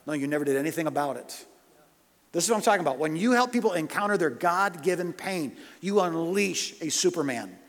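A man preaching with passion, his slightly high voice carrying a long reverb as if in a big hall. He moves between loud rhetorical questions and quiet confessional stories. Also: expressive, fairly quick. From United States. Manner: impassioned, swinging from loud urgent questions to hushed storytelling. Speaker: pastor. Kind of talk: sermon.

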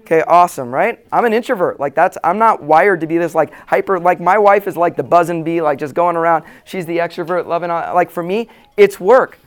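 Speaking fairly quickly in a smooth, high voice, a man addresses a room of church leaders as a pastor at a conference. He's earnest and plain-spoken, and the live audience hears him repeat key lines for emphasis.

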